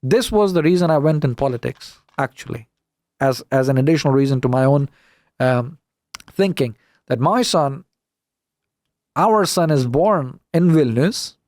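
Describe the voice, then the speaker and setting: A middle-aged man from the UK, telling a story as a podcast guest, animated and indignant as he acts out the dialogue. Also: mid-range voice, normal speed, long pauses, no echo. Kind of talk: casual storytelling interview.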